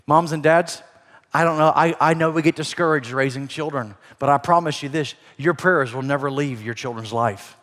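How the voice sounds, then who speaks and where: A middle-aged man preaching a sermon as a pastor, animated, swinging between loud emphasis and soft asides. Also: a little high, moderate pace. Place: church auditorium. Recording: long hall reverb.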